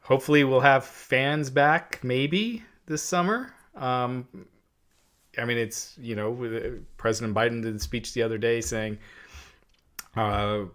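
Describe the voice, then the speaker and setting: A man's voice: medium pitch, a little slow, fairly bright tone. A man co-hosting a wrestling podcast in casual chat, reading out viewer questions between opinions. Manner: reads viewer questions aloud. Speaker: podcast co-host.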